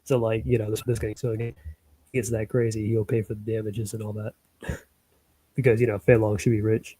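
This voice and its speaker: A man's voice: on the low side, flat delivery, brisk, warm tone, slightly rough, no echo, low-quality recording. A man casually rambling about his own animation project, full of fillers and little chuckles. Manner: loose, filler-heavy, chuckling asides. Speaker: hobby animator.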